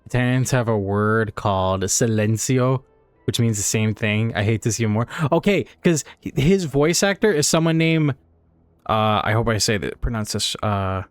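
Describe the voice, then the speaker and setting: A man's voice: fairly low pitch, animated, moderate pace, smooth, no echo, faint music behind. A man giving casual, rambling let's play commentary, laughing and swearing as he goes. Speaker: streamer.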